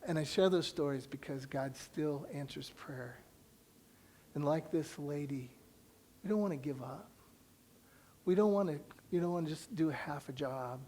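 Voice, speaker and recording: A male pastor preaching in a church, telling a personal story with lively acted-out dialogue and soft, hushed asides. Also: on the high side, a little slow, long pauses, a little hiss or hum. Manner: animated storyteller who acts out dialogue and drops to a soft near-whisper. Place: church sanctuary.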